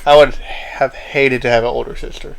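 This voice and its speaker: A man's voice: medium pitch, level tone, moderate pace, creaky. Laid-back young man, slangy chat. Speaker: podcast co-host. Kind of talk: casual chat.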